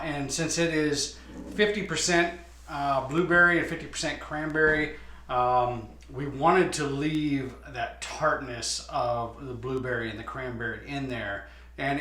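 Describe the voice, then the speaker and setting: A winemaker explaining his wines in a casual tasting chat, often pausing with "uh". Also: mid-range voice, bright, forceful tone. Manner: explanatory, many "uh" fillers. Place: winery. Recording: echoey room.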